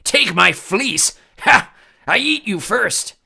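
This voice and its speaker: Figure: a cruel, self-pitying cyclops giant. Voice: strained and pitched far up, drawn out slowly, bellowing or whimpering. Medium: storybook reading. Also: male voice, lively intonation, vocal fry, bright, forceful tone, husky, exaggerated voice. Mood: roaring. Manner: bellowing, then whimpering and sobbing. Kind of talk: storybook character voice.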